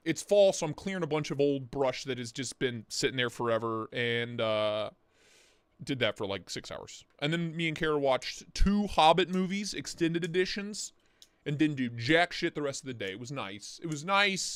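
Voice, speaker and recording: A man's voice: fairly high pitch, expressive, normal speed, fairly bright tone, clear, resonant tone, no echo. A man in his thirties hosting a livestream, chatting casually and rambling with jokes and swearing, sore in the neck and back. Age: 30s. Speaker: livestream host.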